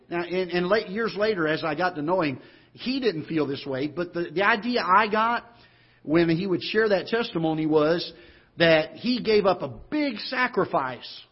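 A man's voice: on the high side, husky. A middle-aged male pastor, preaching a sermon in a folksy storytelling way, often restarting his phrases. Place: church auditorium. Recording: dull lo-fi church broadcast.

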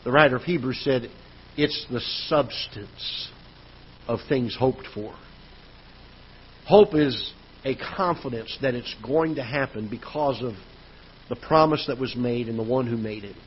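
A man's voice: on the high side, lo-fi sound, slight background noise. A man preaching a sermon as pastor, telling a personal story in a conversational way with frequent restarts. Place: church auditorium.

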